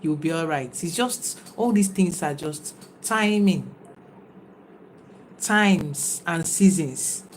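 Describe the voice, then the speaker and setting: A woman's voice: low voice, animated, slow pace, slight background noise. A woman, talking casually and reflectively to viewers on a livestream, in a preachy tone. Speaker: livestream host.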